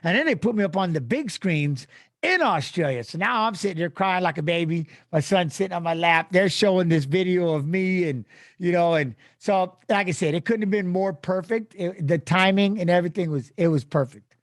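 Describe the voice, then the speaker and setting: Male interview guest: animated, emotional storyteller who voices other people's lines; a bit high-pitched, recorded dry. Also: moderate pace, no room sound. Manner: animated, acts out quoted voices, swears casually.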